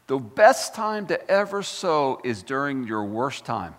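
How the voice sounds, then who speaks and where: A man preaching a sermon as pastor, fired up and animated, full of folksy asides and repeated words. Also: medium pitch, measured pace, big-room sound. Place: church sanctuary.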